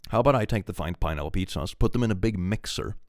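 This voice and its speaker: A man's voice: sits low, expressive, quick pace, no room sound, studio quality. A man live-streaming from home, chatting playfully and reacting to his viewers' messages. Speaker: livestreamer. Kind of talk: casual livestream chat.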